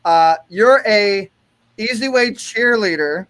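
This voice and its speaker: High-voiced enthusiastic male host. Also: takes it slowly, a bit bright, clear, resonant tone. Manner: enthusiastic, stumbling, restarts often. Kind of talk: casual online interview.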